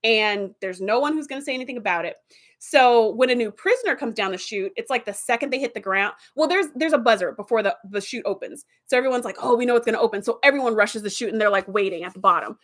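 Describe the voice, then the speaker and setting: Chatty woman gushing about tv episodes, fairly high voice, lots of "like"s. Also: fast. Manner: animated, chatty, with fillers and laughs. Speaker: TV episode reviewer. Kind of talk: casual retelling of episodes.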